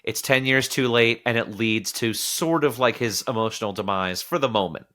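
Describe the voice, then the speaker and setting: A man hosting a podcast, talking about a film in an animated, casual way and sometimes quoting characters in little acted voices. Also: mid-range voice, moderate pace. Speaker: podcast host.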